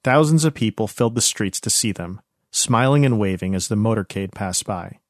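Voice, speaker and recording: Low-voiced man narrating history. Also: animated, normal speed, no echo, clean studio sound. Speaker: podcast host narrator.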